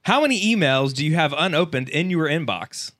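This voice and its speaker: A man co-hosting a casual podcast, reading quiz questions in a relaxed, teasing way. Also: a little high, a little fast, no echo, studio quality.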